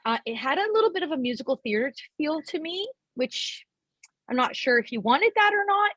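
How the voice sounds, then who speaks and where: Animated, higher-pitched female judge. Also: fairly quick, no echo, muffled recording. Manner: animated, imitates sounds. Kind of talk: critiquing a performance.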